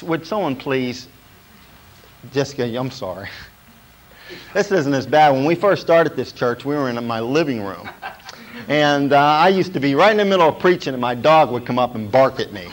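A man preaching a sermon as a pastor, pausing to check in with "okay?" and building to emphatic points. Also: medium pitch, animated, slight background noise, rough recording. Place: small church.

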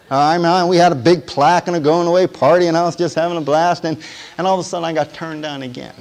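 A man preaching a personal testimony, telling his story and asking the congregation questions, shifting between hushed and emotional passages. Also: fairly high pitch, rough recording. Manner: storytelling, asks the audience questions; swings from quiet to loud and emotional. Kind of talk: sermon testimony.

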